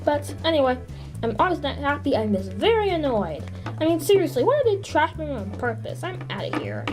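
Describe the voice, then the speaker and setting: A woman's voice: fairly quick, music in the background. A woman voicing a young female vampire princess in a toy figure drama, whiny and exclaiming. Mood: annoyed. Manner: whiny, exclaiming, high and lively.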